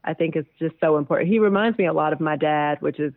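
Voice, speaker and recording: Woman in her 30s, gravelly voice, chatty, laughs a lot, dry tinny phone sound. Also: low voice, quick pace, no echo. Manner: chatty storyteller, laughs often. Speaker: guest. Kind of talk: casual interview chat.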